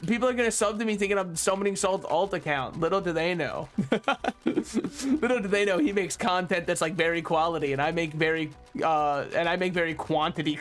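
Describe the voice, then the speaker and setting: A young man rambling and joking as he streams a game, laughing often. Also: a little high. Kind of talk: rambling live-stream commentary while gaming.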